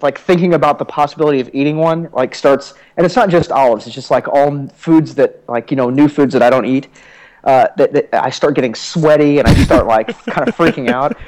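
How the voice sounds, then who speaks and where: A young man in casual podcast chat, telling stories about himself in a loose, rambling way. He fills his talk with likes and you-knows and keeps poking fun at himself. His voice sits at an ordinary middle pitch. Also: a little fast, darkish tone, rough recording. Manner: rambling, self-deprecating storytelling with many fillers. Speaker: podcast co-host.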